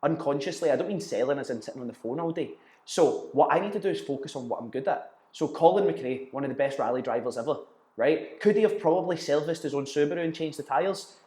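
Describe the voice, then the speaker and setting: A man's voice: fairly high pitch, quick pace, dark tone. A young Scottish man, a guest in a casual interview, talking bluntly, swearing freely and telling stories with quoted banter. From Scotland. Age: young adult. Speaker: guest, entrepreneur. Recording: roomy echo.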